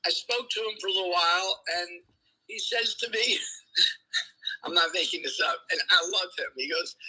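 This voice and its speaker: High, sharp, excitable man on a video call. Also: moderate pace, breathy edge, low-quality recording. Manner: excitable, stumbling storyteller who laughs as he talks. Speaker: guest calling into a live stream. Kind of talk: casual chat. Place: at a restaurant.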